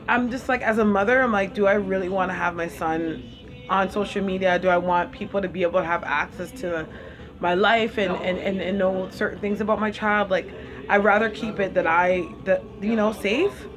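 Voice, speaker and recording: A woman with a Caribbean accent chats through a relaxed live stream, eating as she talks and answering viewers. Her pitch sits mid-range for a woman. Music plays clearly behind her. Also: moderate pace. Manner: chatty, eats while talking, reads viewers' comments aloud. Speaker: livestream host. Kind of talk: casual live-stream chat.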